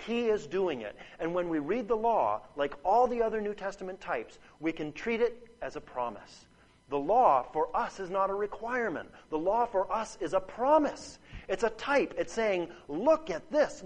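A man's voice: high voice, rough recording. A man preaching a sermon in an earnest, emphatic way. He repeats his phrases and checks in with his listeners by asking "Right?".

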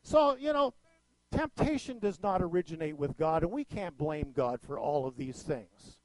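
A middle-aged male pastor delivers a folksy sermon with a high, lifted voice. He tells stories with animated swings in pitch and loudness. The sound is dry and close, with little room echo. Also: moderate pace.

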